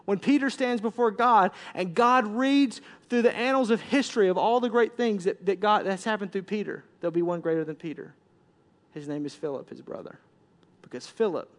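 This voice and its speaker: A male pastor preaching a sermon with animated delivery, swinging between loud bursts and hushed lines. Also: high-pitched. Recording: long reverb of a large hall.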